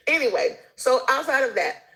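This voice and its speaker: A woman's voice: high-pitched, big pitch swings, normal speed, gravelly, bright, forceful tone, poor audio. A woman guest in casual conversation, telling stories animatedly and acting out the people she quotes. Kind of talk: casual chat.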